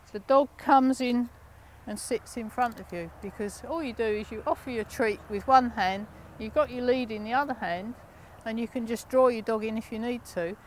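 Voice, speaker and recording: A woman from the United Kingdom teaching a dog training class, giving brisk, encouraging commands with lively inflection. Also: fairly high pitch.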